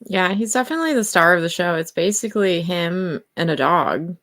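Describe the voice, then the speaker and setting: Female guest, low gravelly voice, dry close sound, easygoing. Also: animated, brisk, a bit bright, no echo. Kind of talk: casual chat.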